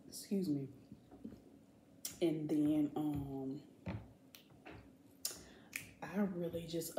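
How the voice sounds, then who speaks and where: Relaxed low-voiced woman vlogger. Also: reverberant, noisy background. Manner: chatty, relaxed, laughs often. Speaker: family vlogger. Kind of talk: casual mukbang chat.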